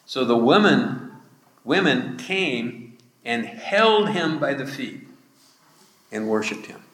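A man preaching a sermon, slowly retelling a scripture passage. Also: mid-range voice, lively intonation, a bit bright. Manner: slow, measured retelling of scripture with quoted speech. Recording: echoey hall with long reverb.

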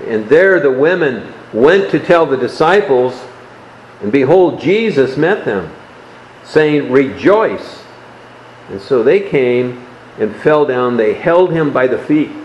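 A man preaching a sermon, explaining a Bible passage in a measured way and dropping his voice softly on key words. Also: mid-range voice, animated, roomy sound, muffled recording, a little hiss or hum.

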